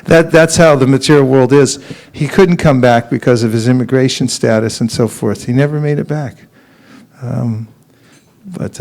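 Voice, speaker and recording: A man giving a relaxed sermon at a temple, telling stories with laughs and acting out quotes, sometimes chanting a mantra slowly. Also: mid-range voice. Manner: storytelling with laughs and acted quotes. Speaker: temple teacher.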